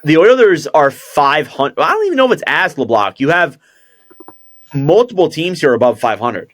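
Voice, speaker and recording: A man's voice: on the high side, big pitch swings, normal speed, a bit bright, no room sound, studio quality. A man hosting a podcast in casual chat who thinks aloud as he goes. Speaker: podcast host.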